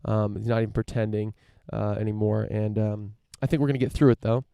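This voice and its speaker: A man's voice: on the low side, steady tone, a little fast, vocal fry, dark tone, clean tone, dry recording, lo-fi sound. A podcast host from the United States, a man riffing through a casual opinion monologue, rambling with lots of fillers, restarts and casual swearing.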